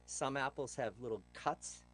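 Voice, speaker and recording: A man's voice: medium pitch, unhurried, rough recording. A man guest on a talk show, telling stories in a loose, plain-spoken way and acting out what he once said to a class. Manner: animated, acts out what he told the class. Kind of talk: casual interview storytelling.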